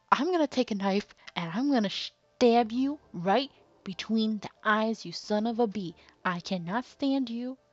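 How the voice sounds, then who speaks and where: Slow-talking, emotional young woman. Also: on the high side, a little mellow, no room sound, muffled recording. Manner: emotional, reactive, outspoken. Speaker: let's play host. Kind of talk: casual game commentary and reading.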